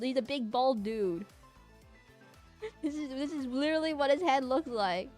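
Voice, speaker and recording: A woman's voice: on the high side, normal speed, soft background music. A young woman streamer chatting casually with her viewers while she draws, rambling playfully and humming to herself. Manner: rambling, playful, talks to chat, hums. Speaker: streamer drawing for chat. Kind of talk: casual chat while drawing.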